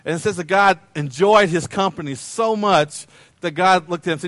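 A man's voice: sits high, brisk, a bit bright, no room sound. A man preaching a sermon as a pastor, conversational and playful, often repeating his phrases.

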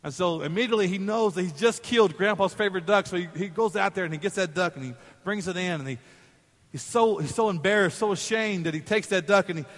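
A male pastor preaching a sermon in a church, telling a story in an animated way and acting out its voices. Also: high voice, fast, in a large hall. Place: church sanctuary.

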